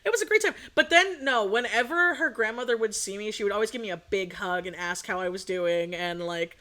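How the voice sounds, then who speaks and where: A young adult woman streams as a VTuber, rambling through casual chat, swearing freely and laughing often. Her mid-range voice is bright and forceful, and she talks fairly quickly.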